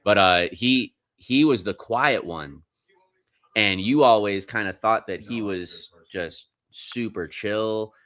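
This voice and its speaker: A man's voice: on the low side, slow, a bit bright. A man on a podcast, rambling through profane, restart-filled stories as a Marine veteran in casual chat.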